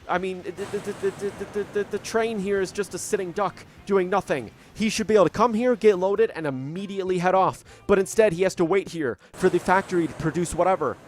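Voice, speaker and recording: A young man hosting a gaming channel, casually commenting on his gameplay, chatty and self-mocking as he thinks aloud at a desk microphone at home. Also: high-pitched. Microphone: desk microphone at a computer.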